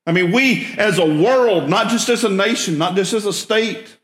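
Pastor, male, high voice, deliberate emphatic sermon delivery, echoey room. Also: fairly bright tone. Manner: emphatic, rises in pitch when stressing a point.

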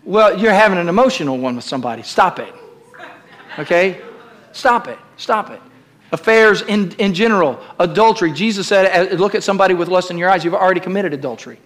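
A man's voice: sits high, fast talker, a bit bright. A middle-aged man preaching a sermon as pastor, emphatic and direct, calling on the congregation to repeat phrases aloud. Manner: emphatic preaching with call-and-response prompts. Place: church.

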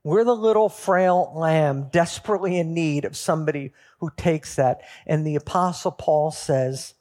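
A man's voice: on the high side, normal speed, hardly any pauses, darkish tone. A male pastor preaching a sermon in a storytelling manner, building to emphatic peaks.

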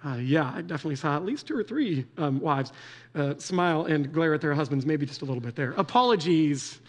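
This is a man with a high-pitched voice giving a relaxed, conversational sermon. He jokes with the congregation and keeps checking in with them. His tone stays easygoing and familiar throughout. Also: fairly quick. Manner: casual, joking, asks the audience "right?" often. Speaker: preacher.

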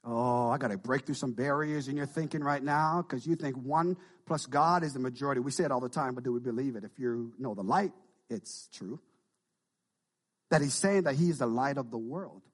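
A man preaching a sermon as pastor, animated, with frequent call-and-response asides to the congregation. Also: mid-range voice, normal speed.

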